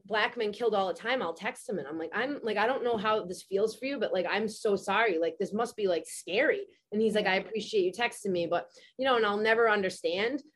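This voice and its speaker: A woman in her forties, a podcast host, telling a story in casual chat, animated and profane, with many "like" fillers. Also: medium pitch, a little fast, few pauses, breathy edge. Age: 40s.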